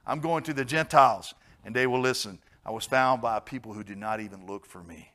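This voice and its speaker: Male pastor, sermon delivery, dynamic: big loud peaks, hushed asides. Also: medium pitch, brisk, few pauses. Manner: lively preaching, swings from loud exclamations to quiet asides.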